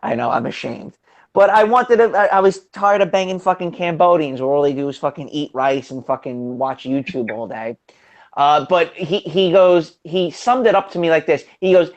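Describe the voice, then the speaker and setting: A man's voice: fairly high pitch, moderate pace, dull audio. A young man in a casual chat, telling blunt stories full of swearing. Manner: blunt, profane storytelling. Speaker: podcast co-host.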